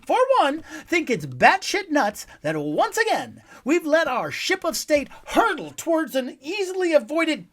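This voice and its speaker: A man hosting a scripted political monologue, ranting with sarcasm and name-calling, swinging between loud outbursts and hushed asides. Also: extremely high pitch. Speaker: host.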